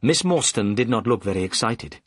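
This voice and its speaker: A man narrating a simplified story for learners with clear, measured pacing. His pitch moves in a lively way and his voice has a husky edge. The sound is dry and close. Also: no echo. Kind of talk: scripted audiobook narration for learners.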